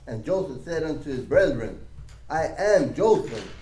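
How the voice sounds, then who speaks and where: A man reading scripture aloud to a study group, slow and measured. His somewhat high voice has a mellow, dark tone, with room echo and a faint hiss behind it. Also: expressive. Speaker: scripture reader. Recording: echoey room, faint noise.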